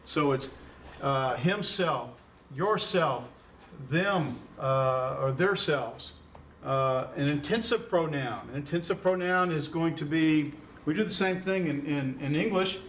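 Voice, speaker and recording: A man's voice: a little high, slow, a bit bright. A man teaching a Greek class in a casual lecture style, with many fillers and questions to his students. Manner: informal, filler-heavy explaining with questions to students. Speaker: Greek instructor. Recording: distant mic, faint noise.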